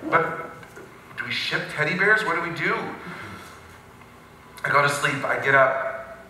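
A male pastor telling a story in a sermon, animated and with wry asides. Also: on the high side, slow pace, pauses often, noisy background. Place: church sanctuary. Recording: very echoey hall, from a distance.

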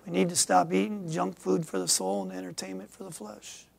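A middle-aged man from Michigan preaching a sermon as pastor, swinging from quiet asides to loud emphatic peaks. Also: high voice, fairly even intonation, brisk, creaky. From Michigan, USA.

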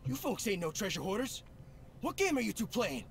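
An actor voicing a nervous, folksy apprentice thief in a video game, drawling and stammering. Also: male voice, high voice, big pitch swings, fairly quick, soft background music. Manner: drawling country talk, stammers. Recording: game audio with clear background noise.

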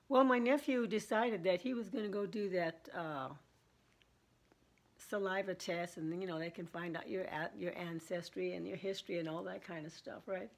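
A woman in her seventies with a husky voice, chatting and laughing as she tells stories to her vlog viewers. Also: fairly low pitch. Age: 70s. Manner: chatty, laughs often while telling. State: throat trouble. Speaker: vlogger. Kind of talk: casual storytelling chat.

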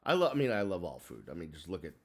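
A man in his forties from the Boston area rants to camera about whatever comes to mind. His pitch swings up and down all the time, and he rambles, restarting sentences and filling gaps with ums and uhs. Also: sing-song, fast, husky. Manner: rambling, chatty, full of fillers and restarts. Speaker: vlogger. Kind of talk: casual rant to camera.

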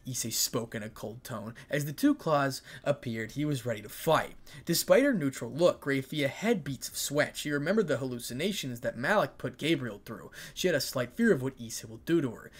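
A man reading a fan story aloud in a plain, even way, with small slips. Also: mid-range voice, breathy edge.

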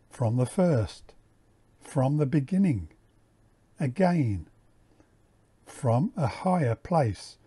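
Slow, dark-voiced teacher. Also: male voice, medium pitch, slightly rough. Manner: measured, repeats key words for emphasis. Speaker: Bible teacher. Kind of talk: slow, deliberate Bible teaching.

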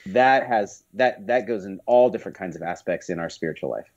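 A man on a podcast as a guest, telling animated stories in casual conversation, with many restarts. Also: lowish voice, fairly quick, muffled recording.

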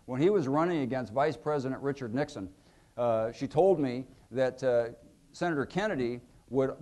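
A middle-aged man, an author giving a book talk, telling humorous anecdotes with many fillers and acted-out quotes. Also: medium pitch. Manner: lively storyteller, acts out quotes, many fillers.

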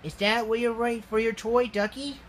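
A man voicing a sweet, cheerful young girl in a homemade storybook reading, with a high, bubbly, coaxing voice. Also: fairly even intonation, normal speed, fairly bright tone, a little hiss or hum. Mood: cheery.

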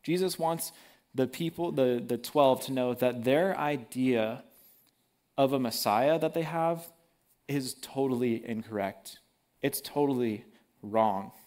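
A man preaching a sermon in a casual, animated way, using everyday slang. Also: medium pitch, slow.

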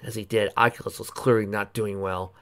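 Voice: sits low, fairly even intonation, fairly quick, fairly bright tone. A reader narrating a fan-fiction story with chatty, enthusiastic asides. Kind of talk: casual story reading with asides.

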